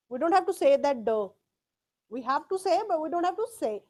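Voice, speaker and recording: A woman's voice: high voice, lively intonation, normal speed, pauses often, darkish tone. A woman teaching a live test class, drilling pronunciation by repeating words. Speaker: English test tutor.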